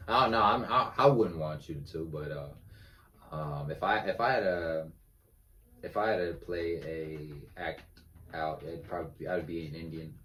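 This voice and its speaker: A man's voice: low voice, a little slow, fairly bright tone. A young man co-hosting a podcast, chatting casually with lots of fillers and restarts. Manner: laid-back, rambling, lots of fillers. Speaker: podcast co-host. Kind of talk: casual chat. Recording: distant mic with faint background noise.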